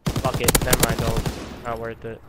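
Swearing gamer over heavy gunfire. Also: male voice, medium pitch, monotone, normal speed, very noisy. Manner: profane, offhand trash talk. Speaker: online game player. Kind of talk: casual gaming chat. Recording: distant voice under loud gunfire.

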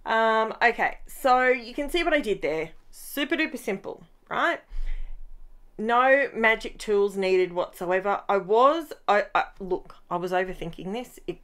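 A middle-aged woman talks through her crafting project in a relaxed, rambling way. She chats to her viewers like friends while she works at her desk at home. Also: fairly high pitch, measured pace. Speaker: scrapbooking channel host. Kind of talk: casual crafting tutorial talk.

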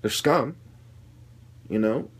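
A man's voice: mid-range voice, slow pace. A young man delivering a heated, profane political rant, mocking the people he criticizes in put-on voices. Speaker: video commentator.

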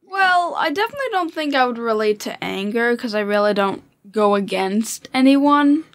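A woman's voice: a little high, animated, normal speed. A woman co-hosting a podcast, chatting casually and hesitantly, with many fillers. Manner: hesitant, with frequent fillers and restarts. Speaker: podcast co-host. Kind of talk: casual chat.

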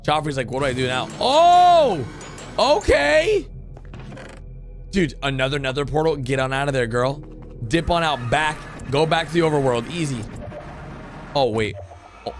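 A man hosting a reaction video, excitedly commenting and cheering characters on with loud exclamations. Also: medium pitch, a little fast. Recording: music playing under the voice.

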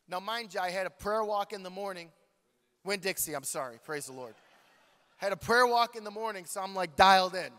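A man preaching a sermon, telling a story with jokes and calling out to the congregation. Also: sits high. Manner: animated, joking, talks to the congregation. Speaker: pastor. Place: large church hall. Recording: long hall reverb.

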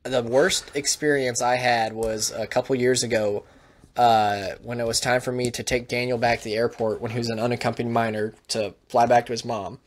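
A man's voice: mid-range voice, little pitch movement, moderate pace. A man, co-hosting a podcast, telling stories in a casual chat and swearing a lot. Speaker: podcast co-host.

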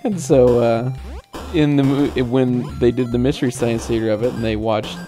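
A man hosting a casual let's-play commentary, giggly and excitable, laughing often as he plays. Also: medium pitch, moderate pace, music in the background. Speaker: gaming channel host.

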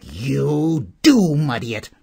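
A man's voice: medium pitch, sing-song, slow pace, gravelly, noisy background, full character voice. A man doing a snarling, bullying wolf. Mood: fierce, accusing. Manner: snarling, accusing. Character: fierce bullying male wolf, savage and hungry.

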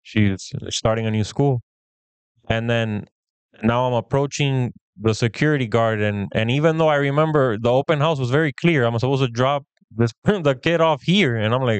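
A man in his thirties talks casually as a podcast co-host and puts on the voices of the people he quotes. His voice is smooth and clear, at a mid pitch. The sound is dry and close. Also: a little fast, no room sound. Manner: animated, acts out quoted dialogue. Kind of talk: casual storytelling chat.

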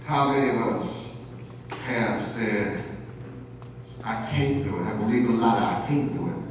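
A male pastor preaching a sermon in a church, animated and trading call-and-response with the congregation. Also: mid-range voice, unhurried, far from the mic. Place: large church sanctuary. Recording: echoey hall miked from afar, congregation noise.

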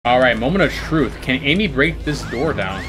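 A man commentating his own gameplay with a voice that climbs steeply into panicked squeals and drops back to calm explanation. He swears freely and jokingly brags about his skill. Faint game music plays underneath. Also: medium pitch, moderate pace. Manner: swings from calm explaining to shrieking panic and laughter; swears a lot, boasts jokingly. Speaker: gaming YouTuber.

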